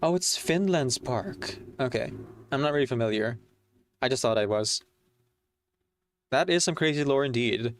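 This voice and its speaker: A man with a smooth, resonant voice chatting loosely on a game stream. He rambles along easily, sprinkling his talk with fillers as he talks to his viewers. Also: medium pitch, animated, moderate pace, long pauses. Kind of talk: casual livestream chat.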